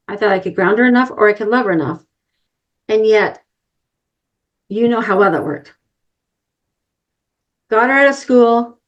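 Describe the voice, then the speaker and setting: A woman's voice: medium pitch, dull audio. A middle-aged woman giving an inspirational talk, telling a personal story earnestly and addressing the listeners directly. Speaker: summit speaker.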